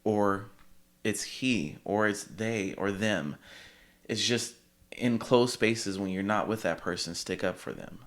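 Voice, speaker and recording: A man's voice: fairly low pitch, takes it slowly, a bit bright. A man talking as an interview guest, easygoing, laughing as he tells stories. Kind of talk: casual interview chat.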